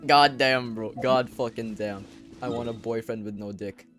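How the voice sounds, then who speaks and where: Young man, gameplay commentary, crude, excitable, sudden loud outbursts, faint game music. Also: medium pitch, normal speed. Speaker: gaming YouTuber.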